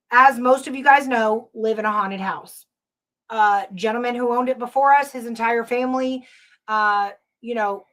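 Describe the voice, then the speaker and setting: Woman, paranormal podcast host, slightly high voice, loose rambling delivery, frequent fillers. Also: a bit bright. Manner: rambling, frequent ums and uhs, reads chat comments aloud. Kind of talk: casual live-show storytelling.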